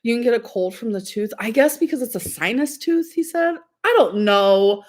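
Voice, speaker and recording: A woman's voice: fairly high pitch, expressive, normal speed. A young woman chatting casually on a livestream, rambling and giggling, full of "like" and "um".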